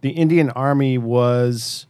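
A podcast co-host who keeps the conversation going with encouraging interjections before he lays out his own thoughts. His voice sits at an average pitch for a man. The sound is dry and close to the mic. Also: slow pace, warm tone, clear, resonant tone, no room sound. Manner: supportive, chimes in with short reactions. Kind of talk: casual chat.

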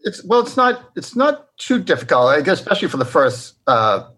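A man's voice: a little high, sing-song, a bit bright. Easygoing Boston man calling in. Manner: easygoing, halting. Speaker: guest bartender. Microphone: remote call.

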